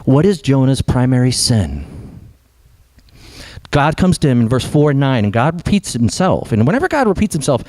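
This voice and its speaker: A young adult man preaching a sermon as pastor, animated, sometimes dropping to a hush for emphasis. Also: mid-range voice, normal speed, dry recording.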